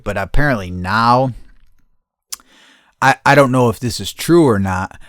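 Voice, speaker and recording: A man's voice: fairly low pitch, dry recording, studio quality. A middle-aged man hosting a podcast, telling a story casually and profanely and laughing often. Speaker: podcast host.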